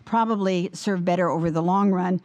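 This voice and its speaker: A woman giving a formal lecture with a slightly wobbly voice, speaking in a measured, deliberate way and taking questions afterwards. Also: fairly low pitch, darkish tone. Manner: measured, deliberate, with many fillers when answering. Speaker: guest lecturer. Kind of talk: formal lecture, then audience Q&A.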